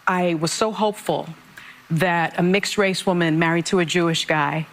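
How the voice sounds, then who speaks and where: Woman commentator, lowish voice, calm and measured. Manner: measured, reflective, with hesitations. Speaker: interviewee giving commentary.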